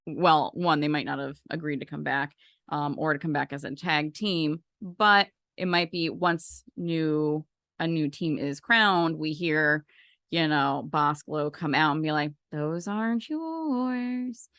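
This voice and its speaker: A woman's voice: sits low, fairly even intonation, measured pace, a bit bright, no room sound, studio quality. A woman co-hosting a podcast, talking casually and rambling with lots of fillers. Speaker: podcast co-host. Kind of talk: casual wrestling chat.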